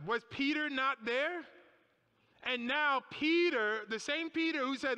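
In a church, a man delivers a sermon, dramatically retelling scripture and throwing out rhetorical questions. His high, bright voice moves a little slowly, each phrase lingering in the hall's long reverb.

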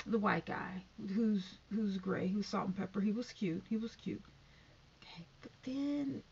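A woman's voice: on the high side, creaky, breathy edge. A woman vlogging from home, chatting bluntly and gossiping in a casual commentary. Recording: dull lo-fi recording.

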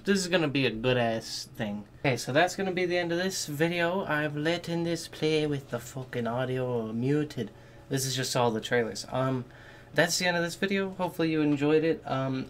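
A man giving casual, excitable reaction commentary on a game trailer, swearing freely and thinking out loud. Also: medium pitch, slight background noise. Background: game trailer music.

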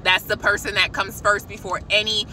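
Woman preaching to her followers from the car, super bright voice, faint traffic outside. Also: mid-range voice, moderate pace, low-quality recording. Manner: excited, preachy, addresses viewers as y'all. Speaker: christian vlogger. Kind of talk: casual spiritual vlog. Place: parked car outside a shop.

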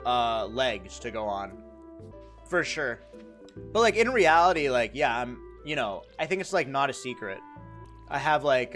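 A man's voice: mid-range voice, a bit bright. A young man livestreaming a farming game, chatting casually and jokingly with his chat, rambling and reacting to messages.

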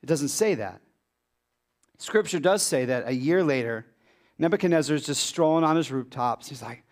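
A male pastor preaching a sermon to his congregation in an animated way. His high voice lifts on rhetorical questions and then drops low and quiet to stress a point. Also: normal speed.

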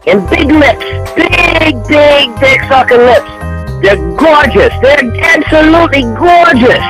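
A man's voice: very high-pitched, animated, takes it slowly, a bit bright, faint music behind, full character voice, poor audio. A man voicing a pushy male client who leaves a gushing, crude voicemail monologue in an animation.

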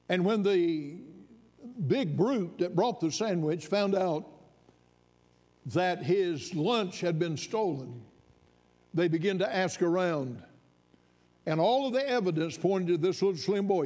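A man preaches from the pulpit in a high voice. He tells his story at an easy pace, then climbs to fervent, ringing emphasis. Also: dark tone. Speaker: pastor. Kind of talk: sermon storytelling.

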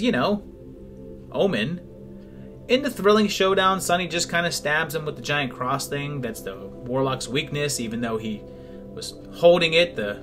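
A man's voice: fairly high pitch, fairly bright tone. A man narrating a comedic film review in a sarcastic, wry tone. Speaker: movie reviewer. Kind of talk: scripted comedic video narration.

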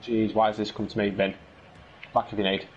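A man in casual game chat, making quick tactical callouts to his teammates during an online football match. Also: lowish voice, little pitch movement, muffled recording, slight background noise.

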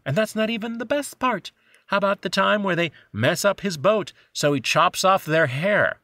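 A man co-hosts a movie review podcast with a bright, forward voice. He talks in an animated, sarcastic way and keeps slipping into mocking voices for the characters. The sound is dry and close. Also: high-pitched, normal speed, no echo. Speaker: podcast co-host. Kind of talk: casual movie review chat.

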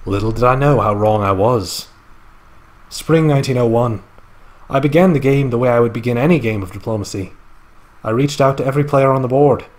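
A man reading a male player's game report aloud in a deliberately bad put-on Scottish accent that drifts into other accents. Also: mid-range voice, natural voice. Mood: reflective. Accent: put-on Scottish, slipping into other accents. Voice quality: wavering mock accent, wry storytelling. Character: male Austrian player recounting his game.

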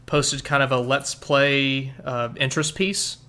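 A man's voice: mid-range voice, steady tone, measured pace, pushed and bright. Laid-back man co-hosting a podcast. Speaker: podcast co-host. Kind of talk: casual chat.

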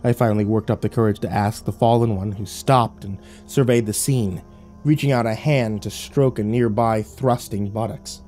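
A man reading a horror story aloud in a slow, grave, brooding manner. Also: fairly low pitch, fairly even intonation, warm tone. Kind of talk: scripted horror narration. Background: faint music.

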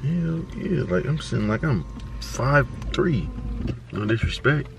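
A young man hosting a casual eating video, asking questions in a relaxed, slangy way. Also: medium pitch, a little slow, gravelly, background noise. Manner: laid-back slangy questioning. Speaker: YouTube host. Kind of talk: casual mukbang chat.

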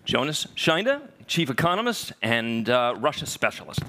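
Male moderator, mid-pitched and bright, introduces debaters casually. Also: big pitch swings, normal speed, slight background noise. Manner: friendly, informal, with fillers.

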